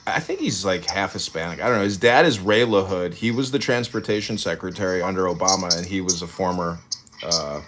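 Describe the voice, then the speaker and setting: A man's voice: low voice, fairly quick, a bit bright, a little hiss or hum. Man ranting in a heated casual chat. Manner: rambling, turns to long insulting rants. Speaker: political candidate hosting an online talk.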